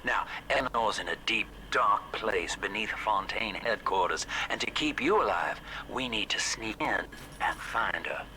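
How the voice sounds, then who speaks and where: Older male radio guide, folksy, conspiratorial, bright forceful tone, lowish voice. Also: animated, unhurried, a little hiss or hum, full character voice, poor audio. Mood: urgent. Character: wry older male radio guide, calls everyone chief.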